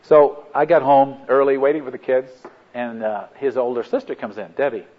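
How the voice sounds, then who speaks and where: A middle-aged man speaks to a group in a plain, mid-pitched voice, earnest and a little halting, retelling conversations line by line. The recording is dull and lo-fi. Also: fairly even intonation. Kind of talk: personal story in a talk.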